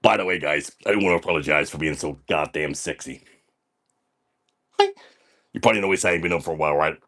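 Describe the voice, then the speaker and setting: A man's voice: extremely low pitch, a little fast, a bit bright. Man doing a brash, foul-mouthed party dude. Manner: ends nearly every sentence with "man", brash and swaggering. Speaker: livestream character host. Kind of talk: comedic livestream persona reading chat.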